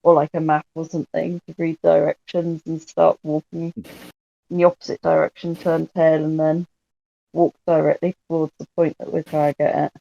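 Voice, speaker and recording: A man's voice: fairly high pitch, monotone, normal speed, creaky, highs cut off. A man playing a tabletop game, talking in a chatty, rambling way. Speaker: player. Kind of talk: casual tabletop play.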